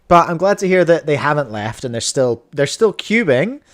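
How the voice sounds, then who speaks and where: A man's voice: on the high side, sing-song, moderate pace. A married man, hosting a podcast and chatting casually as he reacts to videos with playful, jokey asides. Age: adult, married.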